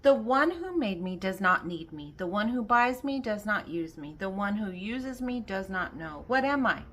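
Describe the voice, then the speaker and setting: This older woman reads a children's joke book out loud, asking riddles, answering them, and laughing along at the jokes. Her voice is mid-range and expressive, a bit bright, at a moderate pace.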